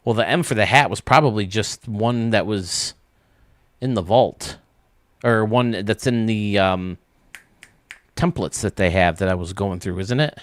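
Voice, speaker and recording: A man with a lowish voice chats casually on a gaming stream, thinking aloud and rambling between ideas. He laughs often. The sound is dry and close to a desk mic. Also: a little slow, dry recording. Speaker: streamer and game designer host.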